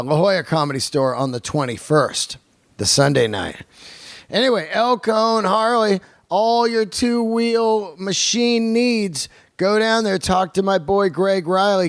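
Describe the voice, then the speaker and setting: A man's voice: mid-range voice, clear, resonant tone, no echo. A man hosting a podcast, reading sponsor spots and chatting in a casual, profane, rambling way. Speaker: podcast host and comedian. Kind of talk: casual podcast talk and ad reads.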